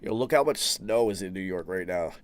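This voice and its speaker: A man's voice: sits low, lively intonation, fairly quick. A man hosting a podcast, telling a story in a casual, profane, laid-back way and quoting the people in it. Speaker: podcast host.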